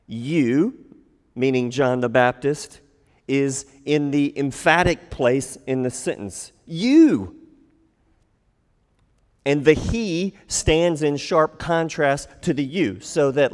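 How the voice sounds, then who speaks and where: Slow-preaching man in a reverberant church. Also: medium pitch. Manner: animated, acts out quoted lines in a raised voice. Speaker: pastor. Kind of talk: sermon. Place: church sanctuary. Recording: long hall reverb.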